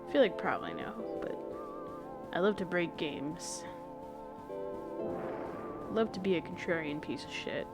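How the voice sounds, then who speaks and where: A woman's voice: lowish voice, sing-song, a little slow, pauses often. A woman streamer rambling and muttering to herself in casual live gameplay chatter, with some casual swearing, at a home streaming setup. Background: game music.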